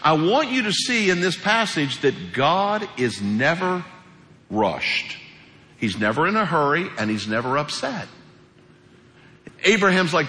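Animated male pastor preaching in an echoey hall. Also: fairly high pitch, measured pace, long pauses. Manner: animated, colloquial preaching, acts out quoted voices. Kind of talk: sermon.

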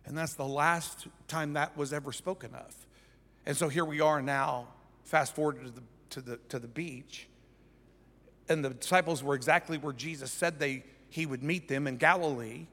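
A male pastor delivering a sermon in a loose, conversational way, often checking in with his listeners. His voice sits somewhat high for a man. A long reverb trails behind his words in the church sanctuary. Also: fairly even intonation, moderate pace, fairly bright tone. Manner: conversational preaching, keeps asking 'right?'.

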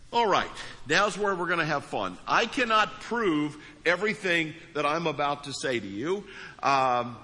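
Man preaching, bright forceful voice, emphatic delivery, long church reverb. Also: on the high side. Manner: emphatic preaching, dropping to a quiet prayer. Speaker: pastor. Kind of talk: sermon with prayer.

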